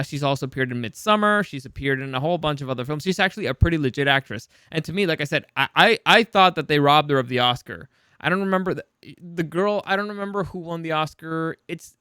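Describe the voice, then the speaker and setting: A man's voice: fairly high pitch, a bit bright, smooth, no room sound. Blunt, swearing man in casual commentary. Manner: blunt and opinionated, swears, frequent restarts. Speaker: news commentary host. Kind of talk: casual pop-culture commentary.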